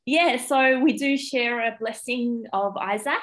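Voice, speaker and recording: A woman's voice: on the high side, measured pace, fairly bright tone, rough recording. A young Australian woman, a primary school teacher, talking as a podcast guest, getting emotional and tearful, with many ums. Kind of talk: casual interview chat.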